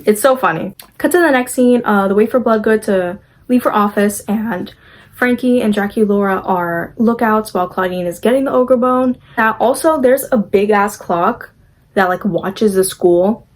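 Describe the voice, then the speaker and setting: A woman's voice: mid-range voice, normal speed, poor audio. A young woman casually recapping a movie, chatty and gushing, acting out the characters' lines as she goes.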